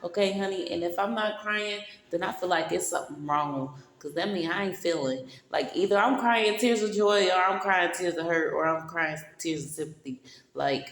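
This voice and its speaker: Crying woman talking to camera, low gravelly voice, super echoey room. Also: moderate pace. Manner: tearful, heartfelt, swearing casually. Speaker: vlogger. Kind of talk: emotional personal vlog. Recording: echoey room with long reverb.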